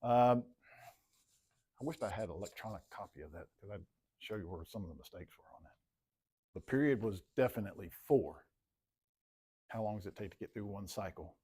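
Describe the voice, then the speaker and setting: A man's voice: fairly low pitch, a little fast, pauses often, a little mellow, husky. A man teaching a math class in a classroom, casual and joking, often repeating himself.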